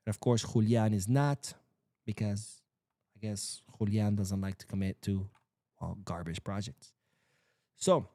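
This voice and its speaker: A man's voice: medium pitch, darkish tone, no room sound, studio quality. A man hosting a solo football news show, talking casually and sarcastically, swearing and acting out quotes. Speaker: football podcast host.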